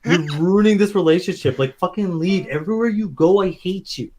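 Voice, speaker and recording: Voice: medium pitch, fairly quick, a little mellow. Blunt, sarcastic podcast co-host. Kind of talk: casual chat.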